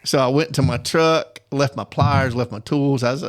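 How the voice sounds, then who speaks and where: A man's voice: mid-range voice, fairly even intonation, moderate pace. A man telling work stories in a casual chat, acting out quoted voices and laughing often. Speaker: appliance technician telling stories.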